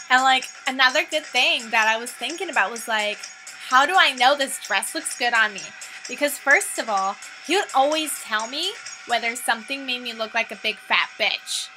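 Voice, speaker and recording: A sassy woman rants through a comic vlog story in valley-girl talk, packing every phrase with "like" and foul language. Her voice sits a bit high and cuts with a very sharp, bright edge. Faint music plays behind her. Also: low-quality recording. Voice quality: valley-girl talk, heavy "like" fillers, crude swearing. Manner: sassy, dramatic, gossipy. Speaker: vlogger.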